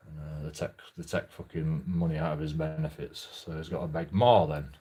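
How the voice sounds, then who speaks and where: Male host, low voice, loose halting storytelling with casual swearing. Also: little pitch movement, warm tone, slightly rough. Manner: rambling, halting, swears freely. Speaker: channel host.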